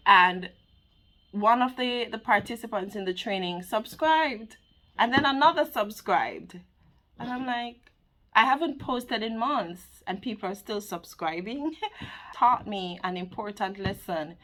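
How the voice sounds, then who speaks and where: A woman's voice: mid-range voice, measured pace, bright, forceful tone. A woman hosting her own channel, speaking straight to the camera in an earnest, preachy motivational talk about faith, and laughing often. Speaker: channel host.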